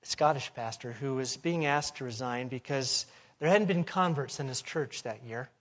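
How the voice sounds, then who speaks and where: A man preaching a sermon, emphatic and full of rhetorical questions, swinging between loud and hushed delivery. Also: medium pitch, moderate pace.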